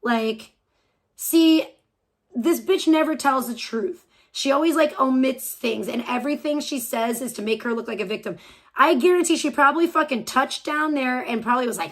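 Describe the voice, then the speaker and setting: A woman's voice: high voice, fairly quick. A woman live-streaming from home, reacting to another stream with profane, mocking, sarcastic commentary.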